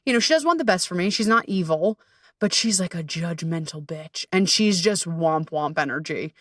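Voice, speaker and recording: A woman's voice: on the low side, lively intonation, moderate pace, a bit bright, no room sound, clean studio sound, far from the mic. Frank, sweary woman podcast host. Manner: frank, sweary, self-deprecating, laughs often. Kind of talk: candid podcast monologue.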